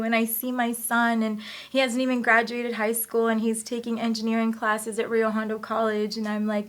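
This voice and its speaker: A woman's voice: a little high, moderate pace. A woman in her forties giving an earnest, emotional personal testimony in an interview. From United States. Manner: emotional, earnest, animated retelling.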